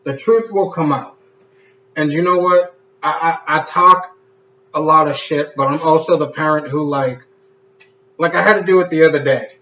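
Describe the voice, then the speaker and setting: A man's voice: on the high side, moderate pace, sharp tone, soft background music. A man co-hosting a podcast, telling candid stories about his kid with plenty of swearing and restarts. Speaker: podcast co-host. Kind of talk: casual podcast chat. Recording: echoey room, dull lo-fi sound.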